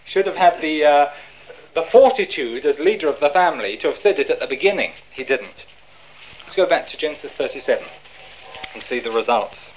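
Woman preacher, low voice, very animated delivery, emphatic and rhetorical. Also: fairly quick, a little hiss or hum, low-quality recording. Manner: emphatic, rhetorical questions answered herself. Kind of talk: sermon.

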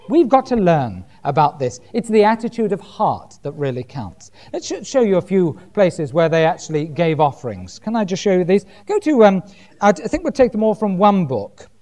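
A man's voice: high-pitched, darkish tone. A man preaching a sermon, reading Bible verses aloud and driving points home by repeating key words.

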